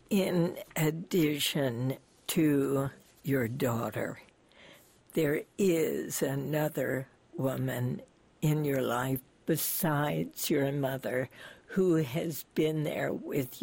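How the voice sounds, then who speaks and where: Very slow, raspy woman radio host. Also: rumbling low, dry recording. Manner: slow, deliberate and gentle. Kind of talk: radio interview.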